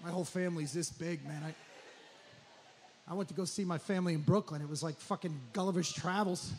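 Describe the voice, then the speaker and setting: A man's voice: fairly high pitch, steady tone, slight background noise. A man from New doing a profane, rambling stand-up comedy set on a club stage. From New Jersey. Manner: profane, rambling, rapid riffing.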